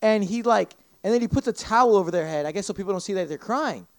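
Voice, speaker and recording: A man's voice: sits high, quick pace, dry recording, clean studio sound. Rambling, foul-mouthed young man telling a story. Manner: profane, rambling, animated retelling with acted-out quotes. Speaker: podcast guest. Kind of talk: casual storytelling.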